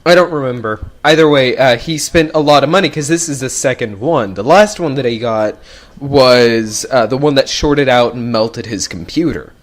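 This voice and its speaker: A man's voice: medium pitch, normal speed. A young man hosting a casual gaming podcast, rambling and laughing as he goes. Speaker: podcast host. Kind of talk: casual chat.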